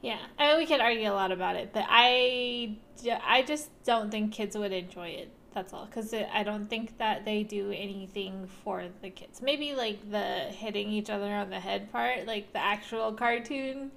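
A woman's voice: medium pitch, normal speed, creaky, few pauses, a bit bright, a little hiss or hum. A young woman co-hosting a podcast, chatting casually about a movie with frequent fillers and laughs. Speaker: podcast co-host. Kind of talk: casual chat.

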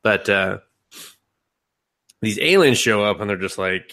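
A man's voice: fairly low pitch, unhurried, pauses often. A young man on a casual podcast, retelling a film with lots of swearing, laughter and mocking quoted voices. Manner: animated, profane retelling with laughs and mock quotes. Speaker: podcast co-host. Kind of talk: casual anime podcast chat.

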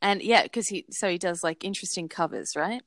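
A woman's voice: on the low side, brisk, a bit bright, no echo. A woman co-hosting a podcast in casual chat, rambling and searching for words. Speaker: podcast co-host.

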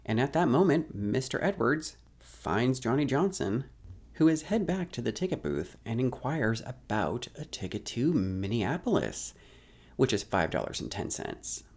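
A man's voice: mid-range voice, sing-song, a little slow, a little mellow, husky. A man recapping a show's episode as a story, with wry, sardonic asides. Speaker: show recapper.

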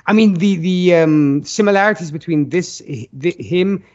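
A man's voice: high-pitched, moderate pace, darkish tone. A man co-hosting a podcast, giving earnest film opinions in long, restarting runs. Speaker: podcast co-host. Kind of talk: casual film review chat. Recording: dull lo-fi audio.

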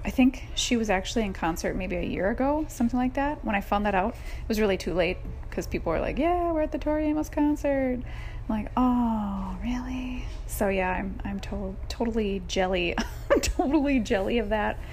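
Female podcast host, just woken up, raspy, rambling and chatty, mid-pitch. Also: lively intonation, brisk, a little mellow, a little hiss or hum. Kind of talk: casual chat.

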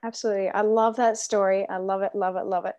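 Warm-toned, eager woman. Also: medium pitch, flat delivery, quick pace. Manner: enthusiastic, repeats words, reads a quote aloud. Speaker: Christian ministry guest or host. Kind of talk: casual conversation on faith.

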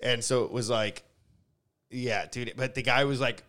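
A man's voice: medium pitch, fairly even intonation, a little slow, bright, forceful tone. A man co-hosting a music podcast, chatting loosely with lots of fillers and swearing. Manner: rambling, swearing, many fillers. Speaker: podcast co-host. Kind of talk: casual chat.

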